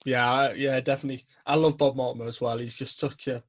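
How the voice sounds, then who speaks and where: A young British man hosting a casual interview podcast, relaxed and agreeable, laughing easily. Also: mid-range voice, fast. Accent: British English. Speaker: podcast host.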